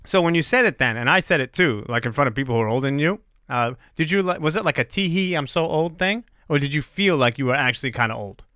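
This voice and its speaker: A man's voice: mid-range voice, expressive, quick pace, hardly any pauses, pushed and bright, no room sound, studio quality. A man in his forties hosting a podcast, ranting in a casual, profane way and laughing often. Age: 40s. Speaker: podcast host.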